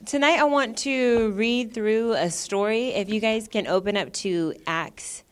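A woman's voice: on the high side, a little slow. A young woman leading a Bible reading in a chatty, giggly way, with many fillers. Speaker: Bible study leader. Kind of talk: casual church talk.

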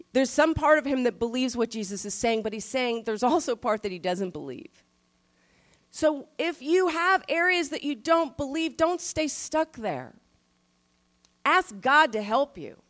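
A middle-aged woman pastor giving a sermon in a conversational style, stressing key phrases slowly. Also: on the high side, fairly bright tone.

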